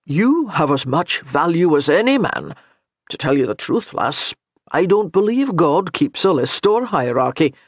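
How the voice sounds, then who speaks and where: A man reading as a kindly old Highland priest who reassures with light humor. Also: big pitch swings, measured pace, no echo, clean studio sound, exaggerated voice. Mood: reassuring.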